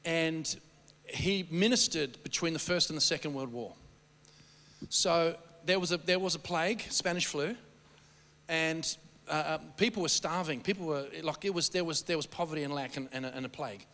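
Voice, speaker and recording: A man preaching and telling stories, rambling and animated, often stammering and restarting his sentences. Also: on the high side, normal speed. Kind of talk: sermon storytelling. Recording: long hall reverb.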